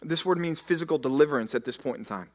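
A man pastor preaching a sermon, acting out scripture in the first person and swinging from loud declaiming to hushed, slow emphasis. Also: fairly high pitch.

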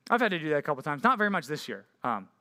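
A young man preaching a youth sermon, energetic and jokey, often checking in with "right?". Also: fairly high pitch, rapid-fire. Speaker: youth pastor.

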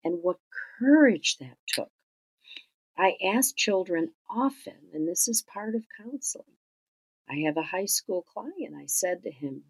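A middle-aged woman working as a speech-language pathologist, explaining her therapy approach in a gentle, thoughtful way and often dropping softer. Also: lowish voice, lively intonation, measured pace, creaky, slightly rough, rough recording. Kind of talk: instructional podcast talk.

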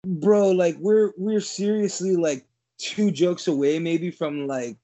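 High-voiced man rambling about movies. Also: steady tone, slow, mellow. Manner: rambling, heavy filler "like", frequent swearing. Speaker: podcast co-host. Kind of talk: casual movie chat.

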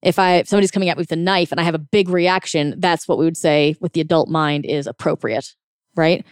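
A woman's voice: low-pitched, quick pace, clean tone, no echo, clean studio sound. A woman working as a relationship coach, giving casual, frank advice in a monologue, sometimes swearing, often laughing and acting out quoted reactions. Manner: frank and blunt, with occasional swearing.

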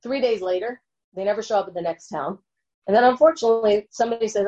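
A woman's voice: mid-range voice, fast talker, dark tone, lo-fi sound. A woman lecturing and answering an audience question in an earnest way, often checking in with her listeners.

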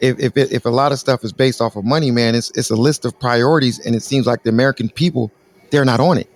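Gravelly fast-talking man hosting a call-in. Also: medium pitch, dry recording. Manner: slangy, teasing, calls people brother. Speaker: host. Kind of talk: live call-in audio show.

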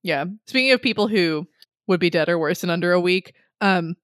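A woman's voice: on the low side, animated, fairly quick, a bit bright, no echo, studio quality. A young adult woman co-hosting a podcast, reading listener submissions in a chatty, giggly way with many ums. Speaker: podcast co-host.

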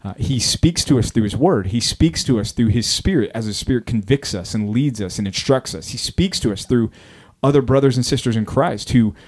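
A man who is a pastor, chatting casually on a podcast about a Bible passage in a relaxed, rambling way. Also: medium pitch, a little fast.

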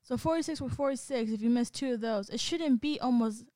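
A woman's voice: fairly high pitch, a little fast, mellow, no echo, studio quality. A young woman co-hosting a podcast, telling a story in casual chat with lots of fillers and restarts. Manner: rambling, filler-heavy storytelling. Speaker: podcast co-host.

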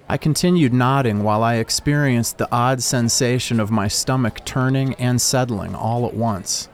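A man narrating a first-person story in a calm, reflective way. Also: medium pitch, moderate pace, hardly any pauses.

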